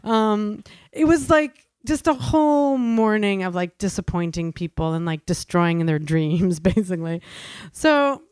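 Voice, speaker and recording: New york woman telling her own story, lots of likes and ums, clear smooth voice, dry close sound. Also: medium pitch, expressive, darkish tone, dry recording. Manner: chatty, full of "like" and "um", quick to laugh at herself. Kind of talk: first-person storytelling.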